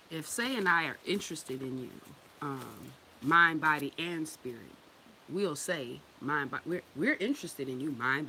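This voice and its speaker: A woman's voice: sits low, fairly bright tone, a little hiss or hum, low-quality recording. A woman giving a casual spiritual talk to her viewers. She is loose and profane, laughs often and repeats phrases for emphasis. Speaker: spiritual teacher.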